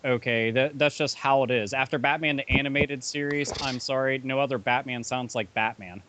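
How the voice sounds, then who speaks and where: A man's voice: medium pitch, steady tone, moderate pace, bright, forceful tone, slight background noise. A man co-hosting a casual podcast, blunt and profane in how he talks. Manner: blunt, profane, laughing often. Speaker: podcast co-host.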